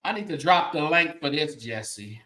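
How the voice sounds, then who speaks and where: A man hosting a commentary show, talking in a sassy, animated way with sighs and laughing asides. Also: on the high side, normal speed, reverberant. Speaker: show host.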